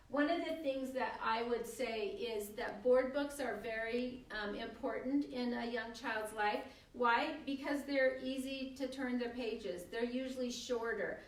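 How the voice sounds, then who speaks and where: A woman's voice: on the high side, recorded from a distance. Older woman, echoey encouraging presenter. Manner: friendly and encouraging, with frequent ums. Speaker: early literacy presenter. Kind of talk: talk to parents on shared reading. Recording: echoey room, away from the mic.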